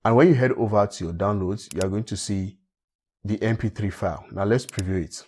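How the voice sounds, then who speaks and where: A man from Africa walking viewers step by step through a software tutorial, often repeating himself. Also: lowish voice, brisk, a little hiss or hum. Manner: steady step-by-step walkthrough, repeats phrases. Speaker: tech tutorial host. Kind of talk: screen-recorded software tutorial.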